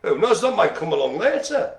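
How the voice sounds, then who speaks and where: A man's voice: high-pitched, very animated, a little fast, gravelly, a crowd in the background. A man hosting a live bingo game, joking and rambling in playful banter. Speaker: host.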